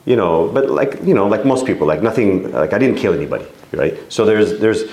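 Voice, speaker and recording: A male priest answering an audience question in a thoughtful, halting way. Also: on the low side, expressive, darkish tone, reverberant. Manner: thoughtful, halting, many fillers.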